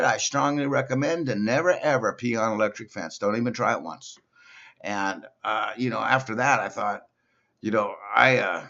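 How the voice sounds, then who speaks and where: Gravelly comic playing a simpleton. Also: male voice, mid-range voice, a bit bright. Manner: slow, simple-minded persona telling silly stories. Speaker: comedian. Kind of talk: stand-up comedy monologue. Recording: dull lo-fi recording.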